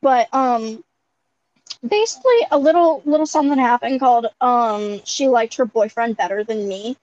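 High-voiced giggly young woman rambling. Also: moderate pace, a little mellow, dry recording. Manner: giggly, rambling, many "like" fillers. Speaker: podcast co-host. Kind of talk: casual chat. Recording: dull lo-fi sound with faint background noise.

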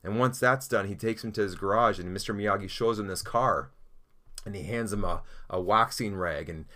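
Pastor, male, lower voice, earnest encouraging sermon delivery. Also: normal speed. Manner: earnest, encouraging, animated storytelling. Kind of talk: sermon with prayer.

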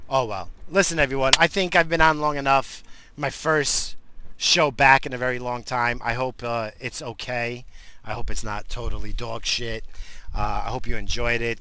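Man, podcast host, profane angry rant, exasperated, bright voice. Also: medium pitch, steady tone, normal speed, clear, resonant tone, low-quality recording. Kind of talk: profane ranting monologue.

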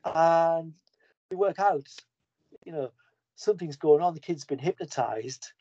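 A man's voice: a little high, a little slow, dark tone, no echo. A man on a podcast who recaps a comic story in a casual, enthusiastic way, rambling along with frequent restarts. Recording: dull lo-fi podcast audio.

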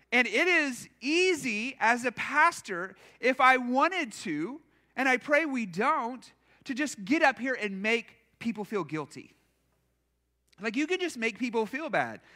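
A man's voice: extremely high pitch, pushed and bright. A man preaching a conversational sermon as pastor in a church, casual and self-deprecating, acting out imagined quotes.

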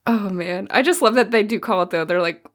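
A woman co-hosting a movie podcast, giggly and animated as she retells scenes. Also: medium pitch, a little fast. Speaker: podcast co-host. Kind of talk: casual chat.

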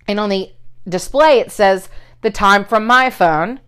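A middle-aged woman telling a story in casual chat, animated and swearing, loudly acting out what people said. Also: mid-range voice, measured pace, clear, resonant tone.

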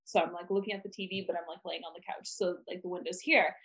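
A woman's voice: lowish voice, steady tone, quick pace, fairly bright tone. A young woman co-hosting a podcast, chatting casually and rambling with lots of "like". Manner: rambling, heavy use of "like". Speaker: podcast co-host. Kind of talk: casual chat.

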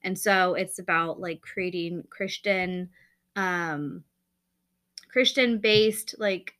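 Bright chatty woman co-hosting a podcast. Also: on the low side, slow pace. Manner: chatty, rambling, lots of fillers. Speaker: podcast co-host. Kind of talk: casual chat.

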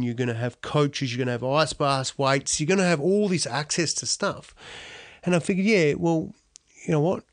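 A middle-aged Australian man, a former athlete, telling his story in a lively, slangy, self-deprecating way. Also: mid-range voice, dry recording, studio quality. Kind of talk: storytelling talk.

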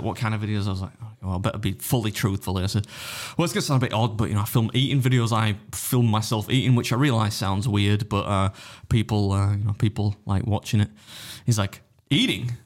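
A man's voice: lowish voice, a little fast, few pauses. A man telling a story in casual podcast chat, acting out other people's lines, swearing and laughing often. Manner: animated anecdote-telling, acts out other voices, swears freely, laughs often. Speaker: podcast guest, competitive eater.

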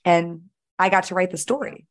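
A woman guest on a mentoring podcast, telling her story with animated emphasis and frequent "like"s. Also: lowish voice, normal speed. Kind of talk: energetic storytelling in conversation.

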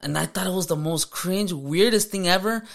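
Man, casual podcast chat, slightly high pitch, slangy, agreeable. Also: normal speed, gravelly. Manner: relaxed slangy talk with frequent agreeing.

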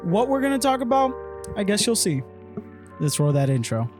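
High-voiced man hosting a joking podcast. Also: sing-song, moderate pace, over music. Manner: joking, teasing banter. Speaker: podcast host. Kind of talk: casual chat.

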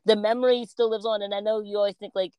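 A woman co-hosting a podcast in casual chat, telling stories with lively self-quotes. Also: mid-range voice, fast, smooth, no echo. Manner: animated storytelling, quotes herself and others. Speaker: podcast co-host.

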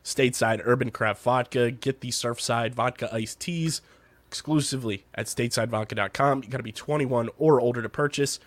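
A man's voice: medium pitch, fairly quick, no echo. A man hosting a casual podcast, tired and congested, chatting in a loose, rambling, upbeat way. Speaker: podcast host. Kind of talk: casual chat.

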